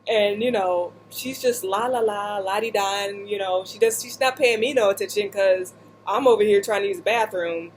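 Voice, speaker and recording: A woman vlogger seated indoors, casually telling a story in an animated, joking way with lots of asides. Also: medium pitch, moderate pace, a little hiss or hum, low-quality recording.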